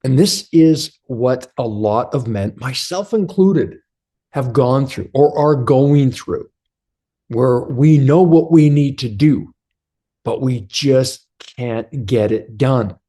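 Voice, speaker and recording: Brief: male motivational host, warm low tone, earnest and exhortative. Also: takes it slowly. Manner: earnest, preachy, repeats affirmations. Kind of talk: motivational video talk.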